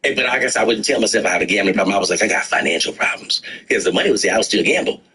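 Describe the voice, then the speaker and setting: A middle-aged man telling stories in a casual podcast chat, animated and profane, acting out his own past words. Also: lowish voice, racing. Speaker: guest storyteller.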